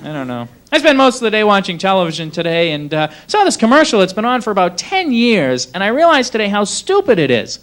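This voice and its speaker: Male stand-up comic, high voice, sarcastic, old cable club taping. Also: very animated, fast talker, few pauses, fairly bright tone. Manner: wry, sarcastic, slips into mock voices. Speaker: stand-up comedian. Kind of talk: stand-up comedy set. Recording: 1980s cable TV club recording.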